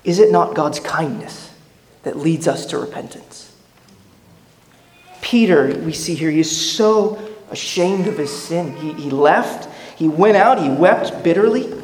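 A man's voice: a little high, animated, a little slow, darkish tone, slight background noise. A man preaching a sermon as pastor, earnest and questioning, often restarting his words. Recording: echoey hall reverb.

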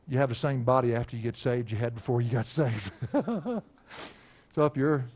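A man preaching an expository sermon, quizzing his listeners and slowing down to read scripture aloud. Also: medium pitch. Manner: animated, asks the congregation questions, slows for scripture.

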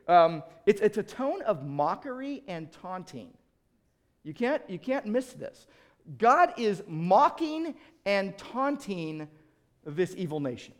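A middle-aged male pastor preaching an animated sermon, acting out quoted voices and often restarting his sentences. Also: high voice, unhurried.

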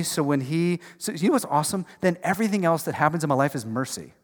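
Male pastor, sermon, fairly high voice, emphatic and conversational, long hall echo. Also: sing-song, quick pace, hardly any pauses. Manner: conversational, emphatic, swings from loud to hushed. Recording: long reverb of a large hall.

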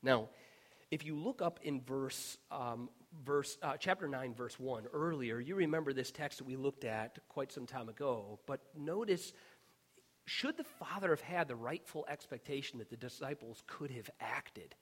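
A man preaching a sermon as pastor, earnest and emphatic, sometimes dropping to a hushed whisper on key words. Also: medium pitch, expressive, a little slow.

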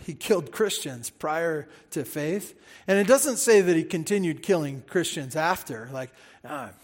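Male pastor, sermon delivery, emphatic and repetitive, somewhat high-pitched, reverberant church hall. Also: normal speed. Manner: animated, emphatic preaching with repetitions and asides.

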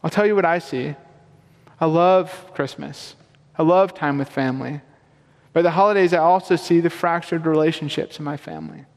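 A man delivers a sermon with a high-pitched voice and an earnest, emphatic manner. His questions climb upward as he presses each point. The sound rings out with the long reverb of a large hall. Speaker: pastor.

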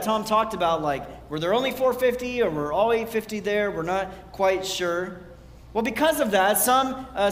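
A man preaching a casual sermon, talking conversationally and retelling scripture in everyday words. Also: sits high. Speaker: pastor. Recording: echoey hall.

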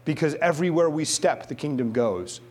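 A middle-aged man preaching a sermon, mixing a humorous personal story with quiet, emphatic repetition. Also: on the high side, normal speed.

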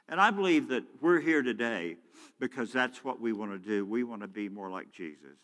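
Pastor, male, bright ringing delivery in a reverberant sanctuary, shifts between loud exhortation and quiet prayer. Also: medium pitch, normal speed. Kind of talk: sermon. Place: church sanctuary. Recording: church hall with long reverb.

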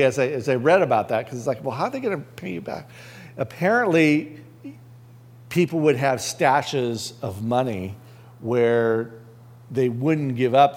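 A man's voice: mid-range voice, a little mellow. A man as a pastor, preaching a conversational sermon and asking the listeners rhetorical questions.

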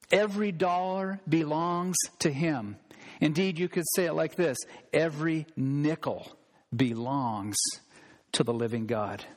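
A man preaching a sermon as pastor, emphatic, slowing down to stress key phrases. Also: on the high side, big-room sound.

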